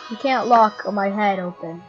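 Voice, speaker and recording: A woman gamer casually comments on her gameplay, giggling a lot and breaking into playful squeals. Her medium-pitched voice is a little slow, on dull lo-fi audio with faint game music.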